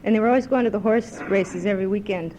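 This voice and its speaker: A woman's voice: mid-range voice, fast talker, mellow, a little hiss or hum, low-quality recording. A woman speaking at a recovery meeting, a chatty, self-mocking storyteller who tells a joke. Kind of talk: personal recovery talk with a told joke. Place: club meeting room.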